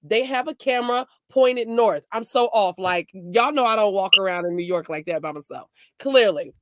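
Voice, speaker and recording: A woman's voice: medium pitch, expressive, normal speed, a bit bright, no room sound, clean studio sound. A woman hosting a faith-based program, teasing her guests and breaking into laughter. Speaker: host. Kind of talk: playful chat with guests.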